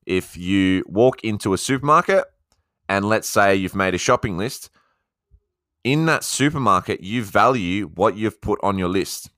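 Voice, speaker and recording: A man's voice: lowish voice, animated, measured pace, fairly bright tone, no echo, studio quality. A man with an Australian accent hosting his own solo podcast in a chatty, casual way, sometimes voicing his listeners' questions back to himself. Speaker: podcast host.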